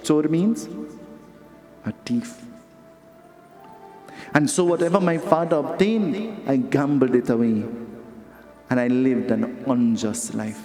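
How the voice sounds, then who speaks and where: A man's voice: mid-range voice, takes it slowly, long pauses, a little mellow. A man with a Trinidadian accent preaching a sermon as a Hindu pandit, stressing his points and repeating questions to the congregation. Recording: reverberant hall with music behind.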